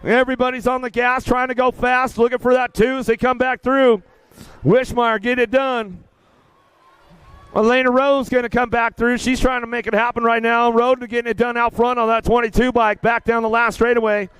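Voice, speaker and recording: An older man calling a kids' bike race live, energetic and chatty, getting a bit emotional. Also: very high-pitched, moderate pace, clean tone, dry recording. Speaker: race announcer. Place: outdoor race track.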